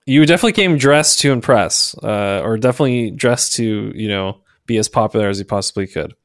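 A man's voice: fairly low pitch, a little fast, no echo, clean studio sound. A man hosting a casual chat show, laughing often and hesitating with fillers. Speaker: podcast host.

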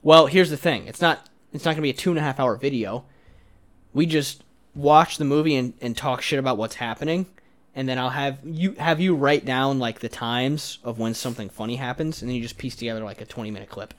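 A man's voice: medium pitch, a little fast. A young man co-hosting a casual chat podcast, crude, joking and argumentative, a little drunk. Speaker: podcast co-host.

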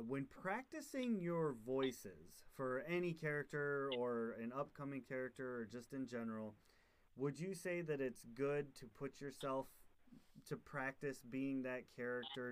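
A man's voice: medium pitch, measured pace, slight background noise. Podcast host man asking questions. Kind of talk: casual interview.

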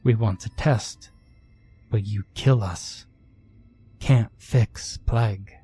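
A man voicing a sorrowful moth-like alien creature that talks slowly in short, broken phrases. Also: fairly low pitch, dark tone, breathy edge, soft background music, exaggerated voice. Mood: grieving. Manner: slow, clipped, broken phrases.

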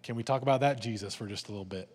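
A man preaching a sermon in a conversational, animated way, acting out voices and asides. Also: fairly low pitch, very fast, husky. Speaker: pastor. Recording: long hall reverb.

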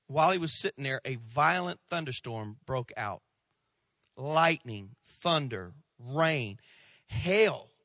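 A male pastor giving a sermon, telling humorous stories in an animated way. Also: high-pitched, no room sound.

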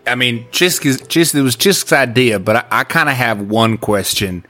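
A man's voice: mid-range voice, moderate pace, few pauses, sharp tone. A man speaking as a player in a tabletop game, fretful and grumbling. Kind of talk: tabletop role-play.

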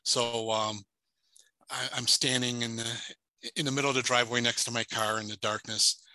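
A middle-aged man, a paranormal investigator, telling a personal story as a guest in an interview, halting and repeating words as he goes. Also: mid-range voice, little pitch movement, sharp tone, dry recording, poor audio.

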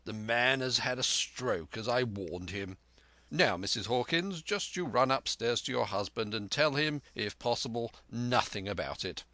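A man voicing a brisk, stern country doctor who speaks brusquely and in command. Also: medium pitch, animated, pushed and bright, dry recording.

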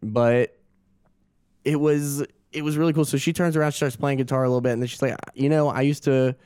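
Recorded at studio quality with no echo, this guest actor speaks with a smooth, medium-pitched voice that runs a little fast. The young adult man from Augusta is animated and laughing as he casually tells his story and performs the quotes.

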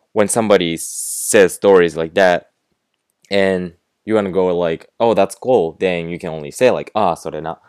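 Young man, Japanese accent, very low voice, unhurried podcast talk, dry close mic. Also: clean tone, dry recording. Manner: relaxed, lots of fillers and self-corrections. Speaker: podcast host teaching slang. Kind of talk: casual solo podcast explanation.

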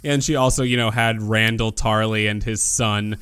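A man's voice: lowish voice, steady tone, normal speed, fairly bright tone, clear, resonant tone, no room sound, clean studio sound. A man co-hosting a casual podcast, joking and acting out characters' lines. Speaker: podcast co-host.

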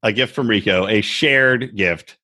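A man's voice: on the low side, measured pace, bright, forceful tone. A man co-hosting a casual podcast, joking and riffing with friends. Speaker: podcast co-host.

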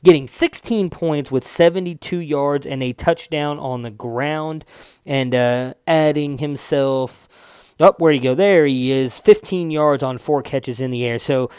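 Young guy running a fantasy football podcast, smooth clear voice, dry close sound, kinda rambly, swears a bit. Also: on the high side, measured pace, a little mellow, no echo. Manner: loose and chatty, swears, stumbles and corrects himself. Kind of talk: casual sports chat.

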